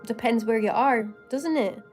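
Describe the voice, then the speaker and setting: A woman's voice: fairly high pitch, normal speed, a little mellow, faint music behind. A Scottish woman hosting a casual livestream, bubbly and laughing often as she chats to viewers by name. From Scotland. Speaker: livestream host. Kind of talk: casual live chat with viewers.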